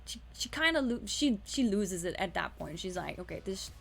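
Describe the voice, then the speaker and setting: A woman's voice: mid-range voice, big pitch swings, normal speed, vocal fry, fairly bright tone, soft background music. A woman streamer casually recapping a story, rambling with restarts and swearing.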